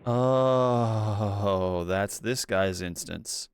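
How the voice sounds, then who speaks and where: A man's voice: on the low side, very slow, clean tone, dry recording, studio quality. A man streaming a game, thinking aloud in casual commentary with mild swearing. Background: loud game music.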